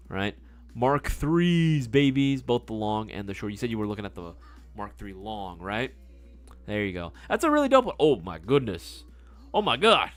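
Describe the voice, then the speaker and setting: A man hosting a casual live-stream sales chat, playful and quick to swear. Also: medium pitch, sing-song, faint music behind.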